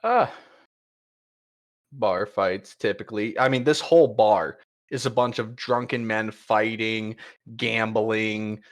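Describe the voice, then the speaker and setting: A man's voice: lowish voice, slow. A man narrating a tabletop game as game master, telling the scene in a loose, hesitant way with many fillers.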